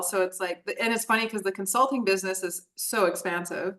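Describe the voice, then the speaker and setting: Relaxed woman podcast host. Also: medium pitch, fast, few pauses. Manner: relaxed, hesitant with fillers, laughs easily. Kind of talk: casual chat.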